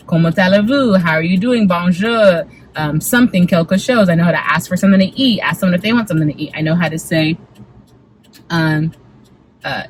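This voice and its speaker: A woman's voice: on the low side, rough recording. A young adult woman in casual, upbeat vlog chat, talking while she drives and sometimes trailing off into mutters. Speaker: vlogger. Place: in a car while driving. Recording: car noise in the background.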